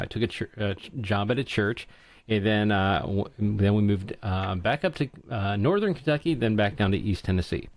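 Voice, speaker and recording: A man's voice: lowish voice, no room sound. A middle-aged man from central Ohio with an Ohio accent, telling stories in a casual podcast chat and often stumbling over his first words. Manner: storytelling, repeats words when starting. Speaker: guest.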